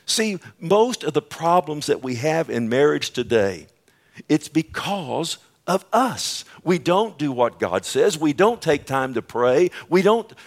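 A male pastor preaching a sermon in church, moving between hushed, near-whispered passages and loud, impassioned outbursts. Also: a little high, big pitch swings, slow pace. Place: church sanctuary.

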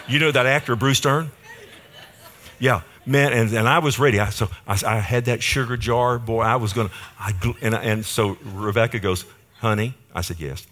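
A man's voice: on the low side, normal speed, fairly bright tone. An older man preaching a sermon, telling a folksy story and asking the congregation for an amen. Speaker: pastor.

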